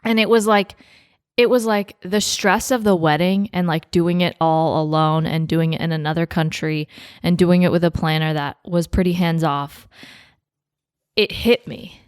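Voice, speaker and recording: A woman's voice: fairly low pitch, fairly even intonation, moderate pace, a little mellow, clear, resonant tone, no room sound, studio quality. A young woman co-hosting a podcast, telling a story in casual chat with lots of "like" fillers and laughs. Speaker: podcast co-host telling her wedding story.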